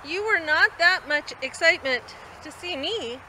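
High sing-song woman coaxing a dog. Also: expressive, moderate pace. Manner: coaxing, repeats commands, sing-song calls. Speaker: animal shelter worker. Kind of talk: casual talk to a dog while filming. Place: outdoors at an animal shelter. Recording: loud background noise outdoors.

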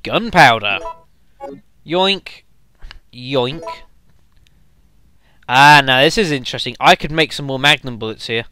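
Let's play narrator, male, bright voice, rambling and friendly with viewers, faint game music under him. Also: mid-range voice, animated, clean tone. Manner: chatty, addresses viewers as folks, halting fillers. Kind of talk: casual gameplay commentary.

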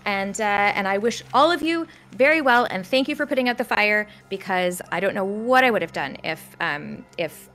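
A woman puts on a tall, emotional half-elf man in a fantasy game, his voice lifting a little higher as he stumbles through flustered, rambling apologies. Faint music sits behind. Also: expressive, moderate pace, hardly any pauses, sharp tone, heavily acted. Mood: apologetic.

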